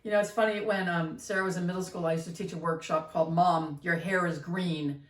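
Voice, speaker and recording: A middle-aged woman with a somewhat low voice explains things in a reflective, conversational way. She sits a bit back from the microphone, and the room around her sounds roomy and echoey. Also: steady tone, fairly quick. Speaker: podcast co-host, mother. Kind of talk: casual conversation. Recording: roomy, distant from the mic.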